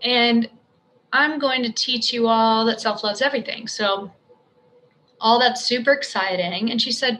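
Bright-voiced chatty woman podcast host. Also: fairly high pitch, a little slow, rough recording. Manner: chatty, upbeat, self-joking asides. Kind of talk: casual solo podcast talk.

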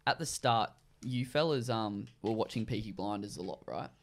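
A man's voice: on the low side, normal speed. A young man, a prankster guest who tells his pranks cheekily and laughs through his own stories. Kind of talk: casual banter among roommates.

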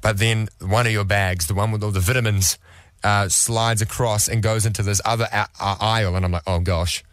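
A man's voice: lowish voice, fairly even intonation, a little fast, a bit bright, dry recording, clean studio sound. A young man, co-hosting a radio show and telling a story sheepishly, laughing a lot and restarting sentences. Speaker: radio co-host. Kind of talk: casual radio banter.

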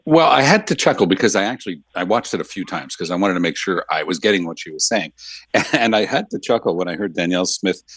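A man from Quebec giving measured, emphatic political commentary on a radio panel. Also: low voice, animated, fairly bright tone, husky, no room sound.

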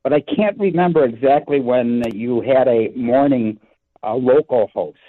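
Older male caller on a tinny phone line. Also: medium pitch. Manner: friendly, recounting dates, halting with fillers. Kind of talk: call-in talk radio.

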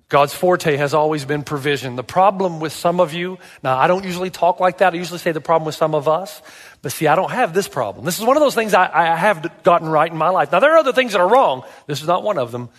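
A man's voice: on the high side, expressive, fast, fairly bright tone, long reverb tail. A male pastor preaching a sermon, telling stories with animation and asking emphatic rhetorical questions.

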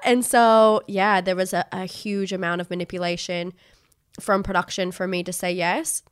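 A woman's voice: on the low side, flat delivery, moderate pace, smooth. A young woman from Australia, a podcast guest, telling her story candidly and emotionally, swearing freely and acting out what others said. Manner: emotional, swears freely, acts out quoted voices.

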